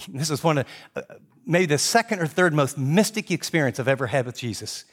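Fast-talking, animated male preacher. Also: fairly high pitch. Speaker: pastor. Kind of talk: sermon.

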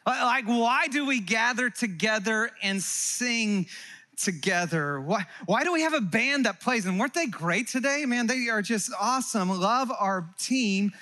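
Bright high-voiced man preaching. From California. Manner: animated and joking, with quick asides to the congregation. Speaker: pastor. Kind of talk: sermon. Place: church hall before a live congregation.

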